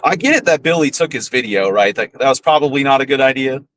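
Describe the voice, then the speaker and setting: A man's voice: medium pitch, lively intonation, fast talker, a bit bright, slight background noise, low-quality recording. A man hosting a podcast, ranting bluntly and profanely with scorn. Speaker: podcast host. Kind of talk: casual ranting commentary.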